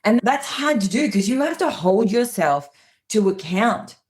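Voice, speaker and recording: A woman's voice: medium pitch, lively intonation, unhurried, a little mellow. A middle-aged woman speaking earnestly as a guest on a podcast interview, acting out little scenes in quotes. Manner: earnest, plainspoken, acts out dialogue in quotes. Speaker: guest psychologist.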